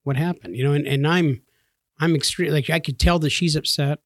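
A man's voice: fairly high pitch, brisk, dry recording, studio quality. A man in his thirties co-hosting a casual podcast, telling stories and acting out the voices. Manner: animated storyteller, acts out voices. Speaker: podcast co-host. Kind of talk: casual chat.

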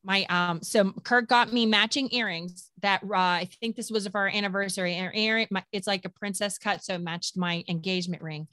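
A middle-aged woman co-hosting a podcast in casual chat, telling an animated story, acting out quoted voices and swearing freely. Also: medium pitch, fairly quick, few pauses, dry recording. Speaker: podcast co-host.

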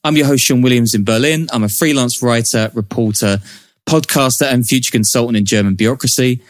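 A man's voice: mid-range voice, brisk, dry recording, studio quality. A man hosting a podcast, introducing guests in a chatty, joking way. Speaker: podcast host.

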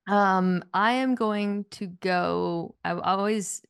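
A woman's voice: mid-range voice, slow pace, vocal fry, smooth, no echo. A woman guest on a talk podcast, telling stories in a wry, dry way in casual chat.

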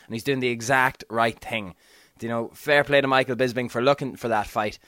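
Emphatic podcast co-host. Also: male voice, medium pitch, fairly even intonation, fairly quick, fairly bright tone, no room sound, studio quality. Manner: emphatic, keeps asking "do you know what I mean". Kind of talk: casual sports podcast chat.

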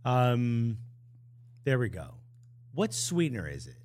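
A man co-hosting a casual podcast, talking in an animated, joking way and laughing often. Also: medium pitch, slow pace. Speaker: podcast co-host.

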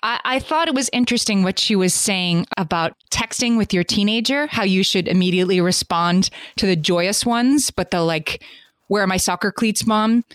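A woman's voice: mid-range voice, normal speed, hardly any pauses, no room sound, studio quality. A woman co-hosting a parenting podcast, chatting casually with restarts and fillers. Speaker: podcast co-host. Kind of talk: casual chat.

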